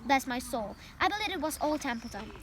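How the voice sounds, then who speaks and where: A lazy, sarcastic male rat from a storybook who grumbles and mocks everyone, as a young woman reads his part. He sounds bored and put upon, high in pitch. A clear hiss of noise runs behind him. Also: animated, brisk. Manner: mocking, disgusted, grumbling.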